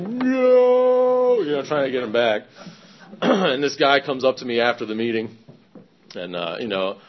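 A man candidly telling his own recovery story in a conversational testimony, pausing often. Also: on the low side, muffled recording. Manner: candid, conversational, many fillers and pauses. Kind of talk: personal testimony talk.

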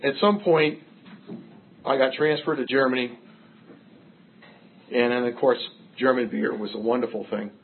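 A man's voice: mid-range voice, fairly even intonation, a little slow, long pauses, phone-quality sound, slight background noise. An older man from Massachusetts telling a personal recovery story to a group with wry, self-mocking humor. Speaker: recovery speaker.

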